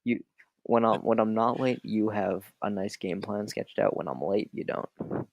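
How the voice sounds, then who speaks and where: Gravelly-voiced dry podcast co-host man. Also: on the low side, unhurried, no echo, dull audio. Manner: dry, wry, tired and yawning. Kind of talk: casual podcast chat.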